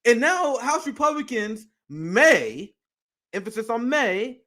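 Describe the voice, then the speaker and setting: High-pitched, blunt, profane man. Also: lively intonation, a little fast, fairly bright tone. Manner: blunt, profane, laughs often, stammers and restarts. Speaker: political podcast co-host. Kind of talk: casual political talk.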